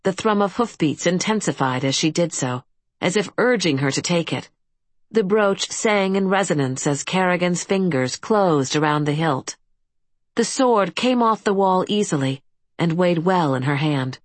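A woman narrating an audiobook in a steady, even storytelling manner. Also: lowish voice, normal speed, no room sound. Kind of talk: scripted fantasy narration.

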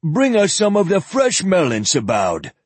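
An oily, lisping old priest with a raised, sing-song voice that swoops about, as a man narrating puts him on, in a dry, close audiobook reading. His tone is husky and he sounds sly and self-satisfied. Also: wildly swooping pitch, a little slow, no room sound, exaggerated voice. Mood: unctuous. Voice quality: lisping, high and unctuous. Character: lisping elderly male zealot priest, sly.

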